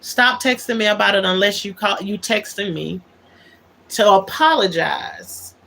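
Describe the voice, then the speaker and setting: Her voice is medium-pitched, animated, creaky, bright and forceful, at a measured pace. She hosts a livestream, delivering an unscripted monologue in which she talks things out in an aggrieved, emphatic way and repeats her key words.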